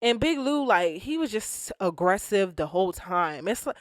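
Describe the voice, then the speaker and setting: A woman's voice: medium pitch, normal speed, no room sound, studio quality. Slangy woman recapping a reality show. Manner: animated, slangy, acts out quotes. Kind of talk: casual recap commentary.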